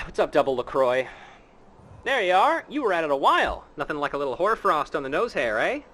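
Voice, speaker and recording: A man's voice: fairly high pitch, very animated, fairly quick, bright, forceful tone, voice pushed up, exaggerated voice. A man voicing a folksy village man who talks in a drawling rural dialect. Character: rustic folksy snowball-tossing villager.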